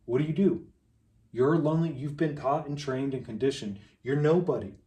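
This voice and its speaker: A man's voice: on the high side, moderate pace, dark tone. A man giving an impassioned, preachy monologue to his viewers, piling up rhetorical questions and repeated phrases. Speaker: vlogger. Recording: echoey room, mic at a distance.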